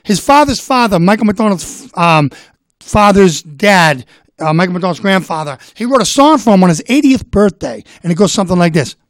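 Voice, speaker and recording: A man's voice: high-pitched, lively intonation, moderate pace, no room sound, studio quality. A man chatting playfully as a guest, joking between celebrity impressions. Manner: playful, jokey, breaks into celebrity voices. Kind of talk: casual chat with comic impressions.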